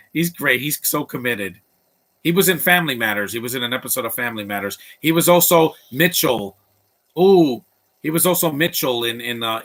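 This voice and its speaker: A man with a bright, forceful voice talks over a movie as it plays, tossing out blunt opinions and rambling asides. His pitch sits in an ordinary middle range for a man. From Latino background. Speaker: movie commentator. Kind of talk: live movie commentary.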